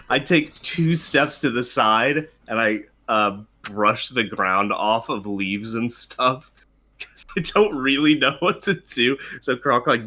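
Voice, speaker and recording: A man's voice: lowish voice, bright, forceful tone. Chatty man playing a tabletop game. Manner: chatty, laughs often. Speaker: player. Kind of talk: casual tabletop play.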